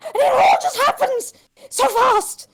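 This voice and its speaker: A woman voicing a panicky noble chicken lady in a tabletop game, rushed and stammering. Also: very high-pitched, steady tone, vocal fry, pitched above the performer's own voice, heavily acted. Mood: frantic. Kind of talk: tabletop role-play voicing.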